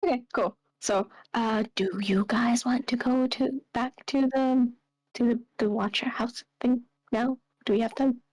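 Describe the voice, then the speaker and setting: A woman player in a tabletop game speaks in a somewhat high voice. She talks slowly and softly, at times close to a whisper. Her talk is casual. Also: steady tone.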